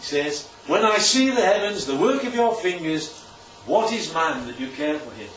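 Man preacher, lively and emphatic, fairly high voice, heard from a distance in a roomy hall with dull, muffled sound. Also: normal speed, a little hiss or hum. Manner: animated, emphatic, rhetorical "right?" asides. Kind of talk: sermon. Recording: echoey room, distant mic, dull sound.

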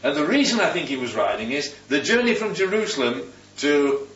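A man's voice: on the high side, very animated, brisk, fairly bright tone. A man leading a Bible study, teaching and quizzing the group with questions. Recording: roomy, distant, dull sound.

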